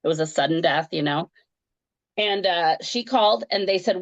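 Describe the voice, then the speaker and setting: A woman, a comedian and grief counselor, telling a personal story in an animated conversational way. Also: lowish voice, moderate pace, dry recording, muffled recording. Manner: animated, laughs through a painful story.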